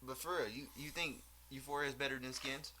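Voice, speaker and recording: A man's voice: medium pitch, fairly even intonation, brisk, bright, forceful tone, slight background noise. A man hosting a podcast in casual chat, blunt, profane and joking. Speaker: podcast host.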